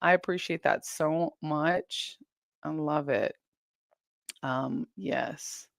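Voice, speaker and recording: A woman with a lowish, gravelly voice hosts a casual live stream, reading viewer comments aloud and chatting back. She rambles and giggles as she goes. The sound is dry and close, with no room echo. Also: drawn-out words.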